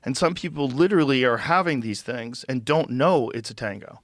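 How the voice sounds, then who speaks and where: A man's voice: mid-range voice, moderate pace, no room sound, clean studio sound. A man hosting a podcast in casual conversation, emphatic, repeating words and swearing freely. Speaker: podcast host.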